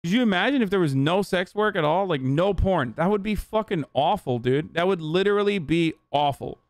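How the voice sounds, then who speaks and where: A man's voice: high-pitched, expressive, fairly quick, dry recording, clean studio sound. A young man ranting in profane, casual commentary, talking straight to his live-stream chat. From Turkey. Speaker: streamer reacting to a video.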